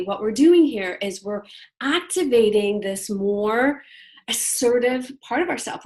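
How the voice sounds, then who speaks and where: Give me a chatty woman leading a workshop. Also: medium pitch. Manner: casual and chatty, with many fillers; demonstrates breathing exercises aloud. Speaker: women's leadership workshop leader. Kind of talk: guiding a group class.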